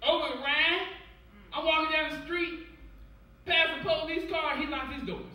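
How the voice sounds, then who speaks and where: A young man from Cincinnati in his twenties doing a stand-up set, telling stories in a loud, profane, animated way. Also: very high-pitched, moderate pace. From Cincinnati, USA. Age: 20s. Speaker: stand-up comedian. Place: comedy club stage. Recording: echoey club, distant mic, loud crowd.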